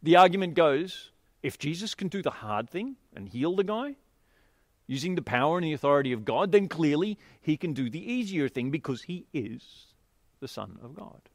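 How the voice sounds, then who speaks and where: A man preaching a sermon, telling a scripture story and explaining it in an expressive, emphatic way. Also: fairly high pitch, normal speed, no room sound, clean studio sound.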